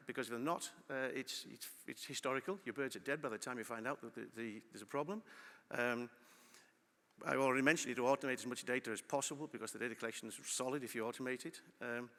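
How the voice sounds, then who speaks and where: Fast, bright-voiced man in a hall. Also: medium pitch. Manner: lively, asks the audience questions. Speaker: conference speaker. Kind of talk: conference talk. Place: large conference hall. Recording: long hall reverb.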